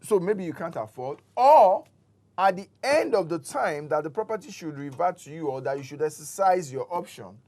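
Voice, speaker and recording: A man's voice: a little high, lively intonation, moderate pace, dark tone. A man, a real estate expert on a talk show, patiently explaining step by step with examples.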